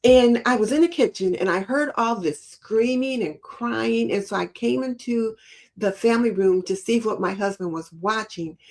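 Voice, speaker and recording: A woman co-hosting a livestream chat, telling stories in an expressive, emphatic way. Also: fairly high pitch, normal speed. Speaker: co-host.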